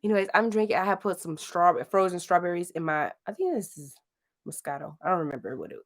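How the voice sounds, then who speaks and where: A woman's voice: lowish voice, expressive, fast. A woman in her late thirties from St. Louis, chatting casually and rambling on a livestream, laughing often. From St. Louis, Missouri. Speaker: livestream host. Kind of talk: casual live chat.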